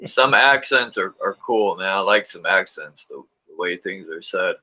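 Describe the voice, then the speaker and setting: A man with a low, sharp voice and lively intonation hosts a casual livestream, speaking at a normal pace. He tells stories, swears, and acts out what people said with sudden big jumps in his voice. The livestream audio sounds muffled.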